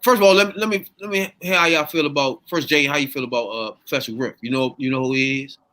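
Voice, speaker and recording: A man hosting a casual podcast chat, telling the story in an animated way and steering the topic. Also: mid-range voice, fast talker.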